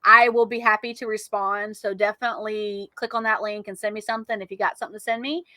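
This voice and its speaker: A woman co-hosting a casual podcast, enthusiastic and quick to laugh. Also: mid-range voice, flat delivery, sharp tone, no echo. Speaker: podcast co-host. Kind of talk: casual chat.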